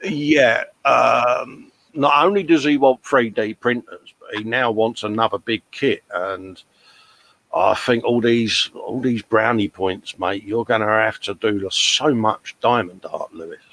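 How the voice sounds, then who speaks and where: A man's voice: mid-range voice, a little slow, a bit bright. A British man chatting easily on a livestream, his voice sitting in a middle register. He reads out viewers' comments and answers them in a friendly, rambling way, with plenty of "mate" and "innit". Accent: British English. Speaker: livestream host. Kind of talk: casual livestream chat.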